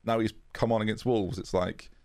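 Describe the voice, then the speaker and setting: A man's voice: on the low side, fairly even intonation, brisk, a little mellow, no echo, clean studio sound. A British man co-hosting a podcast, chatting casually and jokily about football in a rambling way. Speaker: podcast co-host.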